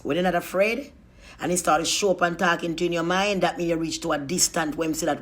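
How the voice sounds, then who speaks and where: A woman giving an emotional spiritual testimony in a vlog, talking emphatically, laughing often and breaking into sudden shouted prayers. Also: on the low side, steady tone, quick pace. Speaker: vlogger.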